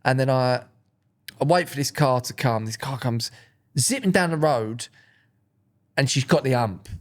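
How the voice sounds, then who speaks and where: A man's voice: medium pitch, a little slow. A young man, co-hosting a casual comedy podcast and joking with his mate, now and then slipping into mocking put-on voices. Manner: jokey, slips into mocking voices. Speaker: podcast co-host.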